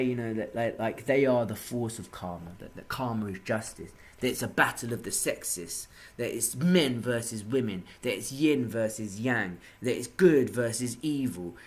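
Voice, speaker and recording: A man from England ranting in a casual monologue, swearing often and swinging between low muttering and loud outbursts.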